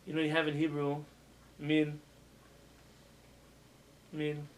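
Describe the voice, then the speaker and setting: A man, a rabbi, giving a casual spoken lesson to students, animated and asking them questions as he goes. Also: on the high side, takes it slowly, a little hiss or hum, low-quality recording. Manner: animated, demonstrates pronunciations with raised voice; asks students questions as he teaches. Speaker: rabbi teaching a class. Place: classroom with students.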